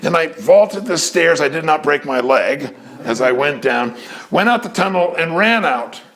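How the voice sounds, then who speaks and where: A man telling a theater anecdote in a lively way, acting out what people said and stalling with fillers as he hunts for names. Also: on the high side, unhurried. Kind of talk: anecdotal storytelling.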